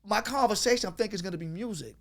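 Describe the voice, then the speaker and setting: A man with a notably high voice tells his stories at a rapid clip. He talks casually as an interview guest, jumping through anecdotes with lively energy. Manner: animated anecdote telling. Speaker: guest rapper.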